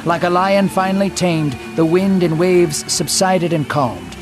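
Guy telling a bible story dramatically, kinda higher voice, soft music behind. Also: unhurried. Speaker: narrator. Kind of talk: scripted storytelling narration.

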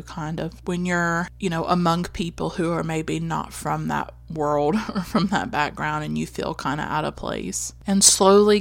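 Low, gravelly Southern US woman reviewing a film. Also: dry recording. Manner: earnest, emphatic, frequent "like" and "you know". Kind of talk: casual film review monologue.

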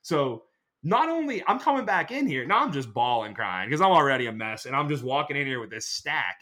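A man in casual podcast chat, telling a rambling, animated story. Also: mid-range voice, fairly quick.

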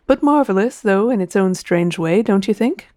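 Brief: a woman doing a lazy, dismissive gentleman cousin, mellow tone, dry recording. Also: medium pitch, animated, normal speed, no room sound, close to an everyday voice. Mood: offhand.

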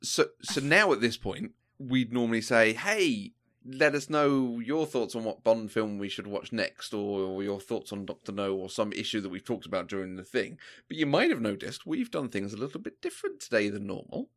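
A man co-hosting a casual podcast, chatty and quick to laugh, often breaking off and restarting his sentences. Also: on the low side, expressive, a bit bright. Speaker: podcast co-host.

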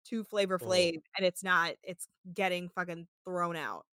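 Woman, young adult, podcast co-host, bright tone, dry close sound, casual swearing. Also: moderate pace, no room sound. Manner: animated, swearing, mimics people in high voices. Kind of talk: casual recap chat.

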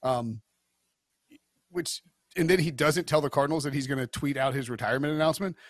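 On this sports betting podcast, a male co-host speaks on the high side and a little fast, giving blunt takes while he rambles casually with lots of restarts and fillers. It's studio quality with no echo.

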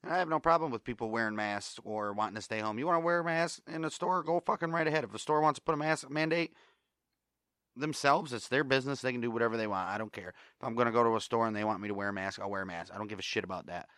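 A man's voice: lowish voice, quick pace, fairly bright tone, no echo, clean studio sound. A man with an American accent hosting a solo podcast, ranting angrily and swearing often. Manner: angry, profane ranting. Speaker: podcast host.

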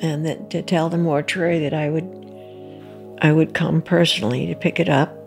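An older woman recalling, in a halting and reflective way, how she heard terrible news. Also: deep voice, fairly even intonation, gravelly, faint music behind. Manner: halting, reflective, pauses and restarts. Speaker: bereaved mother interviewee. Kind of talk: personal recollection.

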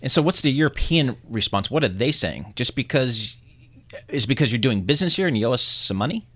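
A man's voice: medium pitch, animated, fairly quick, a bit bright, dry recording. A man co-hosting an interview, asking casual, probing questions. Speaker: co-host.

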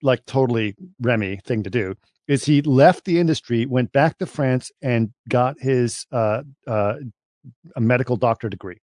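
A man co-hosting a casual podcast chat, telling a rambling anecdote and getting animated when he quotes people. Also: medium pitch, normal speed, no room sound, studio quality. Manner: rambling storyteller, animated when quoting others. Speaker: podcast co-host.

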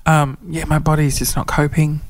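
A hungover man in his thirties, whispering wearily in a dark room during a casual monologue as a podcast host. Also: fairly high pitch, little pitch movement, moderate pace. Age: 30s. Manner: whispering, hushed and weary.

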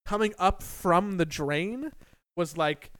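A young man tells a story with animated, self-mocking energy and plenty of swearing. His voice sits a little high and comes through smooth and clear. The sound is dry and close. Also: slow, dry recording. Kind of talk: casual storytelling chat.

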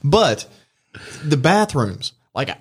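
An animated man with a slightly high voice tells his own bar story in casual chat. He jumps up into exasperated quoted lines as he goes. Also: extremely slow, slightly rough.

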